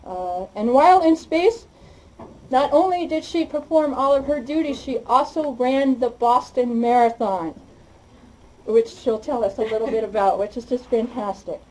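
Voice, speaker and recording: A woman giving a formal introduction of a guest speaker, halting, with frequent fillers. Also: fairly high pitch, warm tone, rough recording. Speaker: event host introducing a guest.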